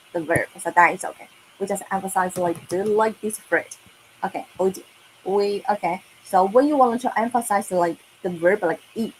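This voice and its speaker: A woman with a Chinese accent teaches Mandarin to children in a slow, patient online lesson, repeating words and filling gaps with "okay" and "right." Her voice is medium-pitched, and the audio is poor with slight background noise.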